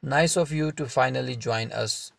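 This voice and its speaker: A man's voice: medium pitch, normal speed, gravelly, fairly bright tone, dry recording. A man voicing a cocky, taunting young brute. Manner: taunting, sneering. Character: cocky, needling young man, burly and brash.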